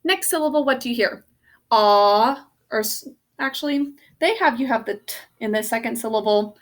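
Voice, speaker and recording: A woman teaching a spelling lesson, sounding out words letter by letter in a slow, patient way. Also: on the high side.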